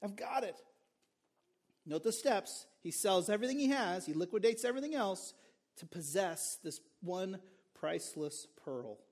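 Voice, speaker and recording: High-pitched guy preaching, lively and chatty, acts out the story. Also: moderate pace. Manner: animated, conversational, acts out characters. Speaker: pastor. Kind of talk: sermon.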